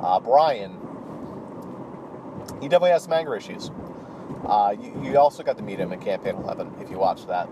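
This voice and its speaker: A man's voice: fairly low pitch, expressive, fairly quick, pauses often, noisy background. A man casually recapping a role-play campaign as a channel host, talking offhand with many fillers and restarts.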